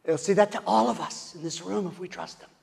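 A man preaching a sermon to his congregation in a church hall with a long reverb. His voice sits a bit high, and he swings between hushed whispers and loud, emphatic calls while asking the room questions. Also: brisk, gravelly.

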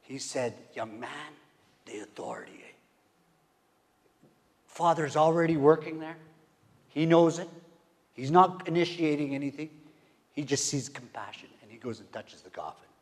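A man's voice: a little high, animated, moderate pace, pauses often. Emphatic preacher man in a reverberant hall. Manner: swings from hushed whispers to loud emphatic calls; asks the congregation questions. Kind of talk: sermon.

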